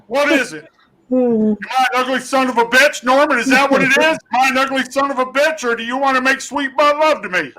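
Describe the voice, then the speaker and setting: A man's voice: extremely high pitch, fairly quick, pitched above the performer's own voice, rough recording. A man putting on a bellowing, crude drill instructor. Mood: mocking. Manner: yelling, mocking, taunting questions.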